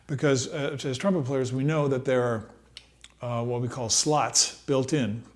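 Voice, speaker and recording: A middle-aged man giving a relaxed trumpet lesson, thinking aloud with many pauses and fillers. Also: medium pitch. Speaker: trumpet teacher. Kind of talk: relaxed practice-room lesson.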